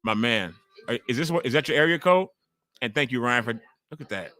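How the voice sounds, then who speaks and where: Host type: man in his forties, loud and chatty, bright, forceful tone, swears freely while reacting to wrestling live. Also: medium pitch, lively intonation, fairly quick. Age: 40s. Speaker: livestream host. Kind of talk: casual live wrestling watch-along commentary.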